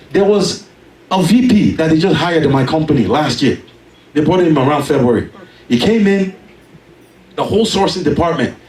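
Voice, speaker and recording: Male preacher, high-ish voice, storytelling sermon, caught from a distance in a reverberant church. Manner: animated storytelling, rising to emphatic shouts.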